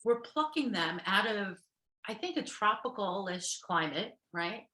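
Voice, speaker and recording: A woman's voice: medium pitch, animated, a little slow, pushed and bright, roomy sound, rough recording. A middle-aged woman therapist giving a casual workshop talk. She chats along, laughs often and keeps checking in with "right?" and "okay".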